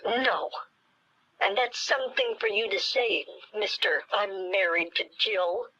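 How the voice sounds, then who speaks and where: A woman's voice: medium pitch, unhurried, bright, forceful tone. A woman baiting a scammer on the phone, playing dumb and rambling off-topic in a chatty way. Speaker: prank caller baiting a scammer. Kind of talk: playing dumb on a prank call. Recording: muffled lo-fi call recording.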